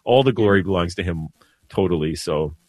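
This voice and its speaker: Low-voiced priest on the radio, earnest. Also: male voice, a little fast, a little mellow, dry recording. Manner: earnest, repeats words while building a point. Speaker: priest guest. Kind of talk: radio talk on faith. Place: radio studio.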